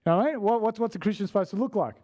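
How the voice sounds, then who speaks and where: A man gives a sermon in a church, his voice sitting a little high. He tells stories in a loose, chatty way, full of slang and false starts. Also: animated, rapid-fire, warm tone. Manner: chatty, slangy, restarts often. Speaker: guest preacher. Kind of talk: casual sermon storytelling.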